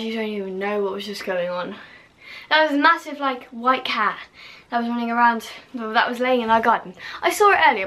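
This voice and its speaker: A woman's voice: a little high, fairly bright tone. A young woman vlogging casually to camera, gushing and full of fillers, now and then dropping to a whisper.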